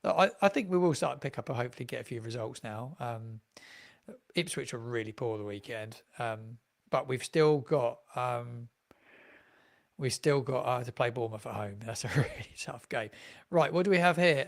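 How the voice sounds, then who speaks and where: A man's voice: medium pitch, gravelly. A man who is a football fan content creator, chatting on a live stream, rambling and repeating himself with many ums. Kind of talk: live-streamed transfer deadline chat.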